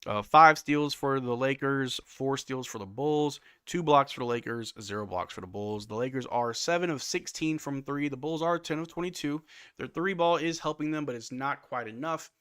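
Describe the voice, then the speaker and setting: A man's voice: mid-range voice, normal speed, clean tone, no room sound, clean studio sound. A man hosting a live stream watch-along, calling plays casually, reading stats and answering chat, a little sleepy and yawning. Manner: relaxed, reads stats and replies to chat. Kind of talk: casual play-by-play commentary with chat.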